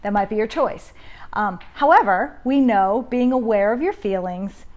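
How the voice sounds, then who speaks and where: A woman's voice: a little high, moderate pace, a little mellow. A woman in her thirties hosting a casual parenting live stream from home on her phone, talking conversationally and acting out inner self-talk. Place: home, indoors. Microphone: phone camera.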